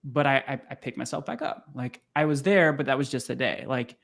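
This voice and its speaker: A man's voice: fairly quick, creaky. A young man, a podcast guest, telling a personal story in casual conversation, acting out what people said in a raised voice. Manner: animated, acts out quotes in high voices. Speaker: podcast guest, sales coach.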